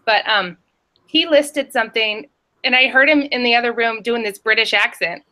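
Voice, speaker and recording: Chatty woman reseller on a video call, bright voice, rambles through her stories. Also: on the high side, normal speed. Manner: chatty and rambling, lively storytelling. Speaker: reseller on a panel show. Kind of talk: casual chat.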